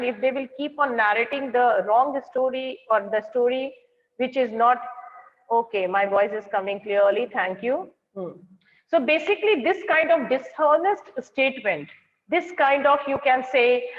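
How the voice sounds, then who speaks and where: A woman's voice: a little high, big-room sound, narrow, tinny audio. A woman with an Indian English accent teaching an online class, explaining words and checking that her students can hear her. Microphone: online class call.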